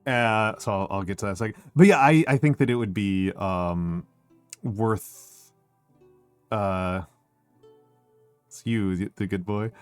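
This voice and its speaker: Soft music plays behind this male streamer as he chats at a measured pace, pausing often in a clean, fairly low voice on a dry recording. He keeps interrupting himself with fillers and restarts, cracks wry jokes, and mentions he hasn't slept much.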